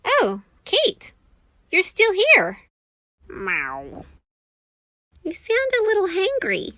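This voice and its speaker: A woman's voice: very high voice, wildly swooping pitch, very slow, sharp tone, no echo, voice pushed up, heavily acted. A woman voicing a friendly, hardworking cartoon girl who coaxes and encourages a cat. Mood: coaxing. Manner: encouraging, coaxing. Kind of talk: children's cartoon voice acting. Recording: background music under the voice.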